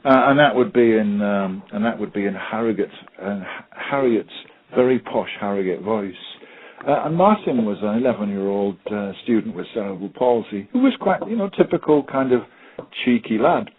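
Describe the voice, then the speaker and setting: This is a webinar presentation by a special needs technology trainer from the United Kingdom, a man who hesitates, says um a lot and tells stories. His lowish voice is sing-song at a moderate pace, and the line sounds tinny and phone-like.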